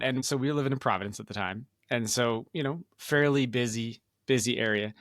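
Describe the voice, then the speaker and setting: A middle-aged man co-hosting a podcast in casual chat, relaxed and rambling with many fillers. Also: medium pitch, fairly quick, no echo, studio quality. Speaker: podcast co-host.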